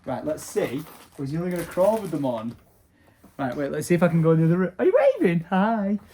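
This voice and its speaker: A man's voice: a little high, quick pace, dark tone, a little hiss or hum, rough recording. A man, chatting casually through a home vlog and cheering on his toddler. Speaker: vlogger.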